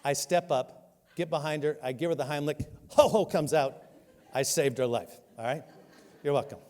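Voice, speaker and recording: An older man preaching in a church, his fairly high voice rising and falling as he tells a self-mocking story. A long reverb trails his words through the sanctuary. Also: normal speed, a little mellow. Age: 60s. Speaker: pastor. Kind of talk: sermon.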